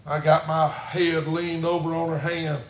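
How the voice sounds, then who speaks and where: A middle-aged man preaching a sermon as pastor, swinging from hushed storytelling to shouted preaching. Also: on the high side, little pitch movement, unhurried, reverberant. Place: church sanctuary.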